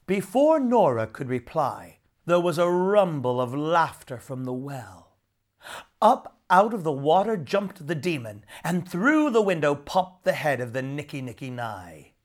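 Slow, lively storybook reader. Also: medium pitch. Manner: expressive, unhurried story reading. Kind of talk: storybook read-aloud.

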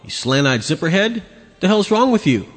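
A man's voice: sits high, big pitch swings, moderate pace, breathy edge. A man hosting a podcast, ranting angrily and crudely as he comments on video clips. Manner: angry, profane, mocking. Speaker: podcast host. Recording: long hall reverb.

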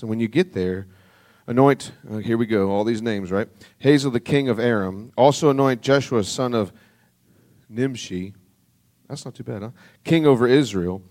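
Earnest and conversational, a pastor delivers a sermon and reads from scripture, lowering to a soft, quiet tone for the solemn passages.

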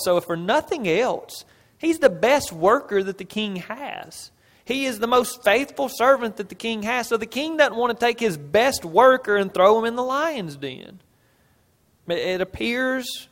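Male preacher with a fairly high voice in a church sanctuary, earnest storyteller who builds emphasis, long hall reverb. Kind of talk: expository sermon on scripture.

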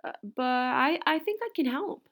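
A sweet, plump old woman with a bright, gentle way of talking, put on by a woman reading a storybook. Her voice sits a bit higher than the reader's own, with a gravelly edge. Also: animated, unhurried, heavily acted.

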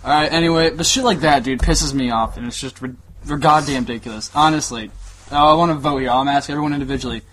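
A young man co-hosting a podcast in crude, jokey banter, loud and profane, recorded on cheap gear. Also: mid-range voice. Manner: loud, profane, jokey, puts on quick voices. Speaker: podcast co-host. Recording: cheap mic in a room, voice sometimes far.

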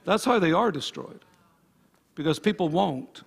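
Gravelly, husky male pastor preaching. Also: sits high, lively intonation, measured pace. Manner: emphatic preaching with repeated phrases. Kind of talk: sermon. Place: church service before a congregation.

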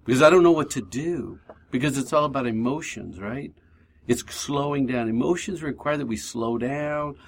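A man's voice: mid-range voice, normal speed, creaky, slight background noise. A man hosting a faith-based recovery radio talk show, reflective and talking through his inner thoughts aloud.

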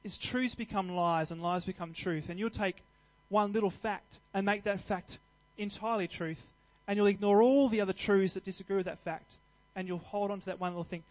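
Male preacher, high voice, earnest and conversational, emphatic at peaks. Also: fairly even intonation, fairly quick, few pauses, low-quality recording. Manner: earnest, conversational, with restarts and fillers; builds to louder emphatic passages. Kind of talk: sermon.

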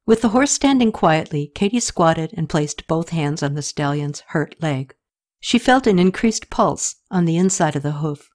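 A woman reads an audiobook story in a steady, scripted way, raising her pitch a little when voicing the characters.

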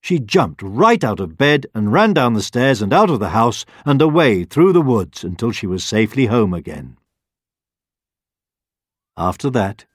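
A man narrating a children's story in a slow, very expressive voice. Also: lowish voice, husky, no echo, studio quality. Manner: slow and very expressive, rising and falling.

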